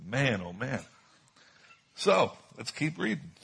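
A man's voice: medium pitch, very animated, takes it slowly, creaky, fairly bright tone, slightly rough. A man preaching a sermon as a pastor, emphatic and repeating key phrases for stress.

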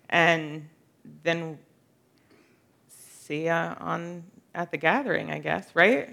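A woman's voice: lowish voice, pushed and bright. A woman teaching a casual Bible study, earnest and conversational, with frequent fillers and light laughter.

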